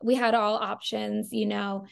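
A woman's voice: mid-range voice, level tone, measured pace, gravelly. A woman telling stories as a costume designer guest, chatty and full of fillers. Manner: chatty, filler-heavy with frequent "like". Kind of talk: casual interview storytelling.

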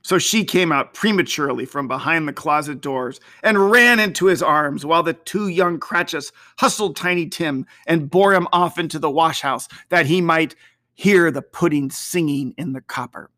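A reader giving slow, measured, expressive audiobook narration of a classic novel. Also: medium pitch, no echo, clean studio sound.

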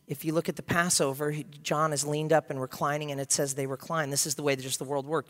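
Lively preaching man in a hall. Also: fairly high pitch, fast talker, few pauses. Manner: lively, humorous, acts out scenes. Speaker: pastor. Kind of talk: sermon.

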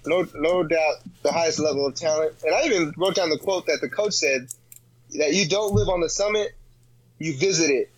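A man's voice: on the high side, poor audio. A man in a casual podcast chat, rambling and slangy, full of fillers and restarts.

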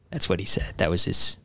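A man's voice: sharp tone, no echo. A young Midwestern man chatting casually about music as a podcast co-host, rambling with lots of fillers. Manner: rambling, full of fillers and restarts.

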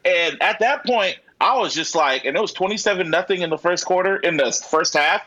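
A man co-hosting a podcast in casual chat, animated and profane, acting out his own reactions with a husky voice. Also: high-pitched, fairly quick, muffled recording. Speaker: podcast co-host.

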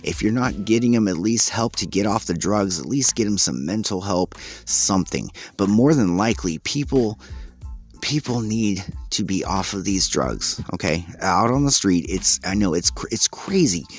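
A man hosting a solo podcast, reading news items aloud and breaking off to comment in a halting, exasperated way. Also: on the low side, lively intonation, husky. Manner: halting and exasperated, frequent restarts. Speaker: podcast host.

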